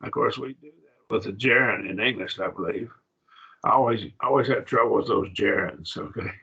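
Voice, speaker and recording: Man, classroom teacher, gravelly, bright tone, dull lo-fi recording. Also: fairly low pitch, normal speed. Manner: patient, repeats words while explaining. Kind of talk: classroom grammar lecture.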